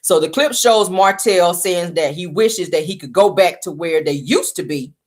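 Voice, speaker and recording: A woman's voice: lowish voice, expressive, normal speed. A woman hosting a casual reality-show recap, talking to viewers as y'all and retelling what was said. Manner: chatty, addresses viewers as y'all, retells quotes.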